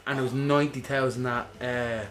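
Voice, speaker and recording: A man's voice: mid-range voice, fairly quick. Swearing man telling a story. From Ireland. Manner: swears freely, animated storytelling with acted-out quotes. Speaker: gaming podcast co-host. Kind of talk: casual chat while playing a game.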